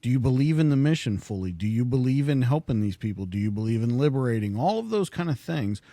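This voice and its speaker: Podcast host guy, dark mellow voice, pitch jumps around a lot, dry close sound. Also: big pitch swings, fast talker, dry recording. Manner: probing, repeats questions. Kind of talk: interview questions.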